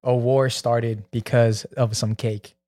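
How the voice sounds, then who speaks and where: Young male podcast co-host, slangy and animated storyteller, casual banter. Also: mid-range voice, slow.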